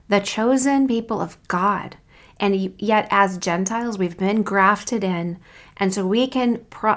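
A woman hosting a faith podcast, speaking in an earnest, reflective and encouraging way, reading scripture slowly and deliberately. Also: mid-range voice. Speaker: podcast host. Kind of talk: faith podcast devotional talk.

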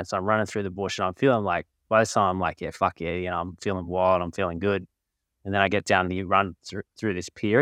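A laid-back Australian man chatting as a podcast host, his voice sitting very low. He rambles through his stories with a casual swear here and there, recorded close and dry with no room sound. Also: a bit bright, no echo. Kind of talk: casual interview chat.

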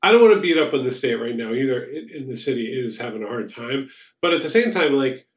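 A man hosting a casual podcast chat, telling stories in an animated way with lots of "like" and restarts. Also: mid-range voice, fast, reverberant, lo-fi sound. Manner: animated storytelling, frequent "like" and restarts. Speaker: podcast host.

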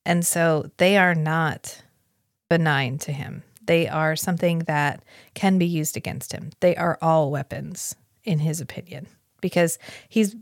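A woman's voice: low voice, no room sound, studio quality. A woman co-hosting a podcast, chatting casually and thoughtfully about a book. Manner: reflective, quotes characters in quick asides. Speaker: podcast co-host. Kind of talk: casual book-club chat.

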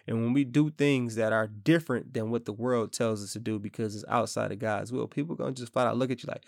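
A man's voice: mid-range voice, fairly even intonation, quick pace, gravelly, hardly any pauses, a little mellow, dry recording, studio quality. A man preaching a casual, conversational sermon, reading scripture and acting out scoffers in slangy asides.

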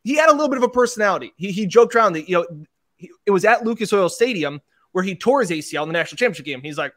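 A man's voice: sits high, quick pace. A man, a sports reporter, talking casually about football and acting out interview quotes as he tells a story. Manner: animated storyteller, acts out quotes.

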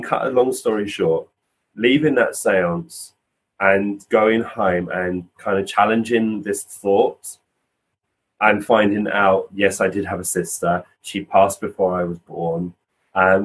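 A man recounts a personal experience as a podcast guest. His voice sits a little low and has a husky edge. He tells it casually and animatedly. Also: unhurried, rough recording. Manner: animated storyteller acting out quoted voices. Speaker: physical medium, guest. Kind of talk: casual conversational storytelling.

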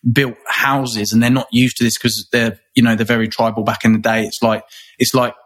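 A man's voice: mid-range voice, flat delivery, fairly quick, fairly bright tone. A man from England, a guest in an interview, talking conversationally in a rambling way, with many restarts and repeated words.

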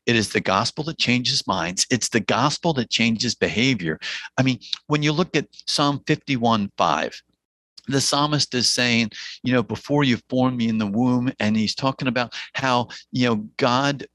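A man's voice: medium pitch, normal speed, a bit bright, dry recording. Emphatic New man, dry close mic. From New Jersey. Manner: earnest, emphatic, repeats phrases for emphasis. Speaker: physician guest. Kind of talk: podcast interview, preaching-like testimony.

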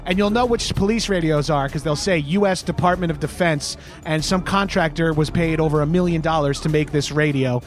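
A man's voice: on the high side, brisk, close to an everyday voice. An actor playing a blustering male terrorist boss who rambles off topic in a comedy audio play. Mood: rambling. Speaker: villain.

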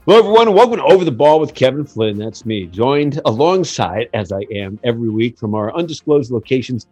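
A middle-aged American man hosts a casual podcast and tells his stories with jokes, lots of fillers and a pitch that jumps around. His voice sits at an ordinary middle pitch. The recording is dry and close, with no room sound. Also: fairly quick, slightly rough, no echo, soft background music. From United States. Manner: animated storyteller, jokey, many fillers. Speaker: podcast host.

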